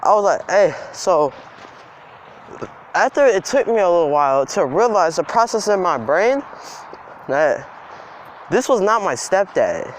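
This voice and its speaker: A young man with a high voice tells a story outdoors in the cold, rambling and emphatic. Faint traffic and street noise sit behind him. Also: sing-song, measured pace, pauses often. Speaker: vlogger. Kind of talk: storytime vlog.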